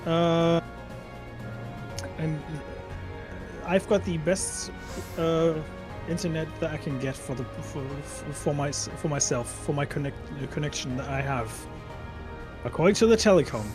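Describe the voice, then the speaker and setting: A man's voice: a little high, unhurried, pauses often. A man chatting casually over voice chat while gaming, rambling with many restarts and some swearing. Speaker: guest player. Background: game music.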